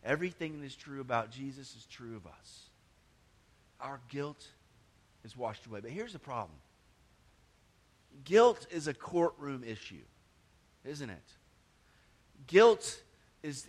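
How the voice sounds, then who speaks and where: A male pastor preaching a sermon, swinging between loud emphatic stretches and quiet low asides, often repeating words and restarting phrases.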